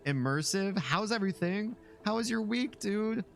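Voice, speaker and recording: A man's voice: high voice, expressive, normal speed, a bit bright, faint music behind, pitched above the performer's own voice. A man voicing a gushing, overfriendly young male streamer, full of chummy bro talk.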